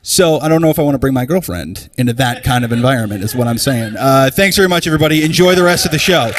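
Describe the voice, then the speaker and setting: A man's voice: medium pitch, animated, fast, background noise. A man finishing a stand-up set on a live stage with an exasperated, profane rant. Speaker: stand-up comedian. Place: live comedy stage before an audience.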